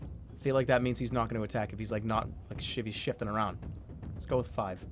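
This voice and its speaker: A man streaming a game, reading the game's text aloud and reacting excitedly, with swearing and mock boasting. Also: fairly low pitch, quick pace, loud music behind the voice.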